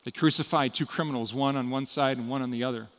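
A man giving a sermon, retelling a story with dramatic shifts between loud emphasis and hushed passages. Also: medium pitch, fairly even intonation, fast talker, big-room sound. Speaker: preacher.

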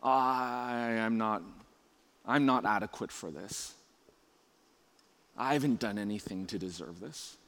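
A man voicing Jesus as a hesitant man quietly doubting himself, in a hushed, musing tone. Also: medium pitch, very animated, measured pace, pauses often, voice pushed down. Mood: doubtful. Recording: long reverb of a large hall.

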